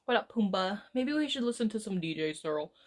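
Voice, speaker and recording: A woman's voice: mid-range voice, animated, a little fast. Woman live streamer with a loose, wandering way of chatting with her viewers. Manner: rambling, chatting with chat, drifting off-topic. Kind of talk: casual chat with viewers.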